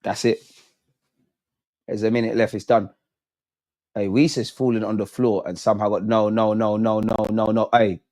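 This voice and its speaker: A man's voice: fairly low pitch, flat delivery, normal speed, long pauses, a little mellow. A young man doing a live football watch-along, swearing, pleading with the players and throwing in lots of slang. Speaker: football fan streamer.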